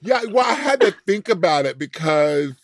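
A man co-hosting a casual podcast chat, animated and drawling, laughing often. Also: high-pitched, moderate pace, no room sound. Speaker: podcast co-host.

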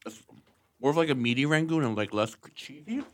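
A man's voice: medium pitch, a little fast. A man guesting on a podcast, describing food in eager, detailed terms in a casual chat. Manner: enthusiastic, descriptive food critique.

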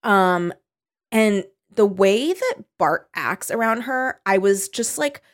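Woman co-host, mid-pitched, casual and rambling book recap. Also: animated, takes it slowly. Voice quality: loose and rambling, with many "like"s. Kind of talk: casual chat about a book.

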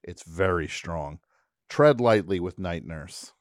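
Speaking slowly in a deep, expressive voice, a radio host tells a story in casual studio chat, slipping into goofy fake voices and accents as he goes. The studio microphone gives a clean, studio-quality sound with no room ambience.

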